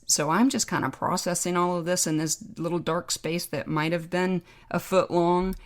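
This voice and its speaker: Low, gravelly-voiced woman telling her story. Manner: reflective, heartfelt, measured. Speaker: podcast guest. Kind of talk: personal storytelling.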